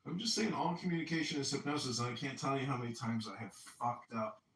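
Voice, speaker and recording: A man's voice: medium pitch, expressive, quick pace, a bit bright. A man hosting a podcast, telling boastful rambling stories in crude casual banter. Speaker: podcast host. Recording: roomy distant mic with faint noise.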